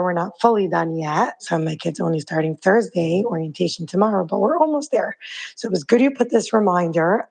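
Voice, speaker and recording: A hoarse woman in her thirties leaving a rambling, chatty voice note on her phone. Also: on the low side, poor audio. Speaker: listener sending a voice note. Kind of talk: casual voice note. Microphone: phone voice message.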